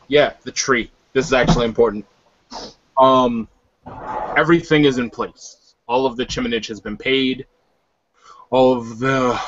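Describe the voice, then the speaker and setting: A man's voice: medium pitch, fairly bright tone, no echo. Man playing a tabletop game, rambling, casual, dry close sound, dull audio. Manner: rambling, restarts often. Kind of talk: casual in-character game talk.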